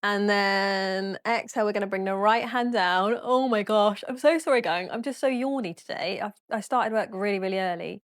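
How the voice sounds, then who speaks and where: Chatty, giggly woman leading gentle yoga. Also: medium pitch, normal speed, few pauses, dry recording, clean studio sound. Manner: chatty, giggly, apologetic, yawning. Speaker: yoga teacher. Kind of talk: casual guided yoga class.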